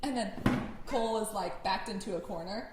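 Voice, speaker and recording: A young woman recapping a cartoon to a friend in casual chat, excitable and giggly, swearing casually. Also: mid-range voice, moderate pace, heavy background noise. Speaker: storyteller to a friend.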